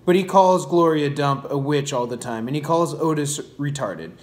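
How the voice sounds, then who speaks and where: A man reading aloud, voicing an outspoken, eager young girl with a lively delivery. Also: a little high, moderate pace, close to an everyday voice. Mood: earnest. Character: spirited ten-year-old girl, outspoken.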